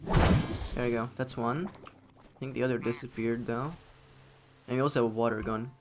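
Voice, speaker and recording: A man casually commenting on his gameplay as a streamer, relaxed, chatty and playful. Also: medium pitch, moderate pace, background noise.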